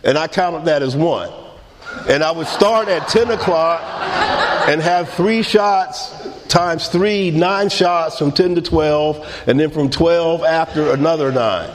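A middle-aged man telling his own recovery story in an unhurried, wry way, laughing quietly at himself. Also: a little high, in a large hall, background noise. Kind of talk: personal recovery testimony.

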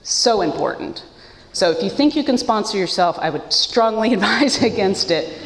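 A woman from the United States with a medium-pitched, expressive voice and moderate pace shares her story at a support group meeting, with a big-room sound. Earnest and emotional, she gets choked up, her voice breaking with feeling, and lets out self-deprecating laughs.

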